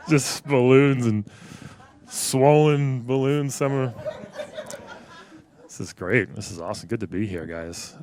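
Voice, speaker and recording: A man in his forties from New York doing a stand-up set, wry and conversational, riffing with the crowd. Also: medium pitch. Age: 40s. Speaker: stand-up comedian. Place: comedy club stage with a live audience.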